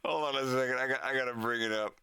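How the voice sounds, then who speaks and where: A man's voice: medium pitch, steady tone, rapid-fire, sharp tone, clean tone. A man chatting casually on his livestream, rambling and laughing often at himself. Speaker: animation streamer.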